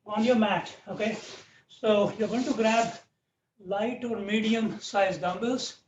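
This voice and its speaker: A man's voice: high voice, takes it slowly, a little mellow. A man leading a live online fitness class, encouraging and counting out reps over a video call. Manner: encouraging, counts out reps, frequent "okay" and "right". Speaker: fitness instructor. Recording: dull, roomy, distant video-call audio with faint hiss.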